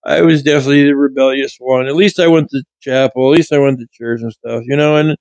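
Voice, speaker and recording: A man's voice: fairly high pitch, brisk, darkish tone, no echo, dull audio. A man telling casual stories in a rambling way, often correcting himself, into a mic with a pop filter. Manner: rambling, frequent self-corrections. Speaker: vlogger. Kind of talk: casual storytelling monologue. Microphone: studio mic with pop filter.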